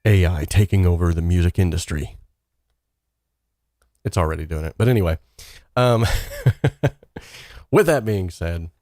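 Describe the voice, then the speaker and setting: Deep-voiced man as casual live-stream host, rambling, upbeat, dry close sound; reads chat aloud. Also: a little mellow, no room sound.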